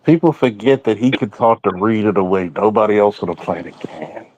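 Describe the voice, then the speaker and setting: A man's voice: fairly low pitch, fairly quick, darkish tone, dull audio. A man co-hosting a casual pop-culture chat, talkative and explaining comic lore. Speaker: podcast co-host.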